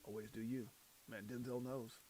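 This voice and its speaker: A man with a Brooklyn accent hosting a casual crypto livestream, reading out motivational quotes and breaking into loud shouts and laughter. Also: lowish voice, level tone, moderate pace, husky, faint music behind. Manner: reads out quotes and preaches motivational sayings.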